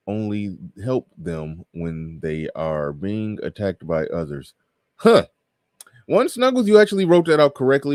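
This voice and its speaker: Low-voiced man chatting on a livestream. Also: no room sound, clean studio sound. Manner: reads viewer super chats aloud and riffs; laughs often, trails off mid-thought. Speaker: livestream host. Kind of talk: casual livestream commentary.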